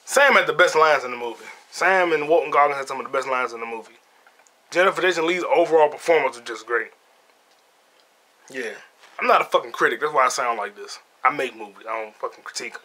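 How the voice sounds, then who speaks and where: A man's voice: medium pitch, fast, pushed and bright. A man hosting a podcast, retelling movie scenes in a casual, profane way and laughing as he goes. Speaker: podcast host. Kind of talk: casual solo movie review.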